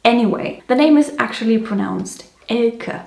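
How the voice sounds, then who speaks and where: A woman from Germany speaks English in a playful, scripted YouTube explainer full of jokey asides. Her voice sits high, and the room adds a clear echo. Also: lively intonation, moderate pace, a crowd in the background. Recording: echoey room.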